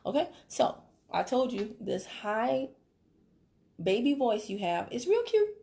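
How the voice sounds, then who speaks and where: A woman coaching a team member on a call, talking in an animated way, laughing and acting out quotes. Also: fairly high pitch, slow, creaky. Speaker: business coach.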